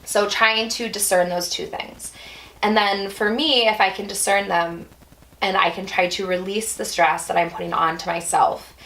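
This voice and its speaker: A young woman hosting a casual vlog, talking things through out loud with restarts and lively little outbursts. Her voice has a slight gravelly fry, and her pitch sits in an ordinary middle range. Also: normal speed, poor audio. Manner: thinking aloud, with restarts and playful exclamations. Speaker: yoga instructor and vlog host. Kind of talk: casual reflective vlog talk.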